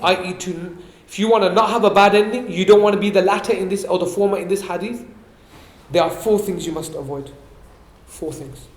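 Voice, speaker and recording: A man giving a religious talk, explaining points and asking his listeners questions, reciting Arabic quickly before translating it. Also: on the high side, darkish tone, roomy sound. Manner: explains and asks the audience questions. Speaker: religious teacher. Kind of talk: sermon. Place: event hall.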